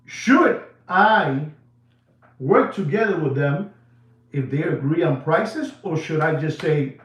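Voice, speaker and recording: A man who speaks Spanish natively, hosting his watch channel in a casual monologue, addressing viewers as ladies and gentlemen and repeating phrases for emphasis. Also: on the high side, sing-song, a little hiss or hum. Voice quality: emphatic, repetitive, drawn-out phrasing. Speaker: watch dealer channel host. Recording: echoey room.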